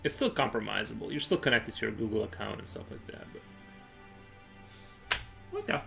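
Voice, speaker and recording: A man's voice: fairly low pitch, huge pitch swings, a little fast, vocal fry, sharp tone, faint music behind. A young man chatting casually on a live drawing stream, rambling with lots of fillers and restarts.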